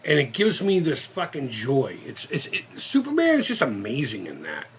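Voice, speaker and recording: A man's voice: medium pitch, wildly swooping pitch, normal speed, slight background noise. A man of fifty hosting a casual live-stream chat, rambling and cursing with many restarts. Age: 50s. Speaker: channel host.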